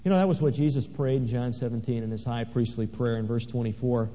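A man's voice: medium pitch, fairly even intonation, fast, warm tone. A man preaching a sermon, swelling dramatically when he reads scripture aloud. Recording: echoey hall, dull lo-fi sound.

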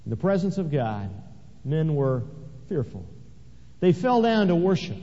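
Dramatic preacher in an echoey hall. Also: male voice, on the high side, very animated, unhurried, dark tone. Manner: dramatic, swelling on quoted scripture. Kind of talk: sermon. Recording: echoey hall, dull lo-fi sound.

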